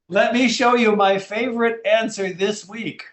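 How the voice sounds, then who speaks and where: A man's voice: high-pitched, takes it slowly, a bit bright, roomy sound. A man teaching an English class, playful and teasing with his students.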